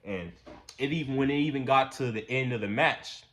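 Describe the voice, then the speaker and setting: A man giving a casual, profane, ranting commentary, repeating himself and getting louder when worked up. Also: medium pitch, brisk. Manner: animated, repetitive, profane, rising to near-shouts when worked up. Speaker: commentary channel host.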